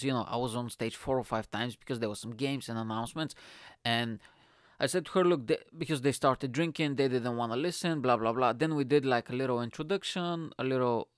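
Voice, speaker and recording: A man's voice: medium pitch, clean tone, dry recording, studio quality. A young man, a comedian, casually telling a story, acting out quotes, swearing freely and laughing often.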